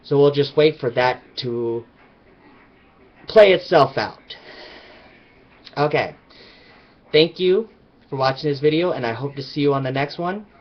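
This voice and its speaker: A man with a mid-pitched voice gives a rambling, emphatic opinion rant to his camera. He leans hard on repeated words. The sound is muffled and lo-fi, like a cheap home mic. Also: unhurried, pauses often. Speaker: vlogger.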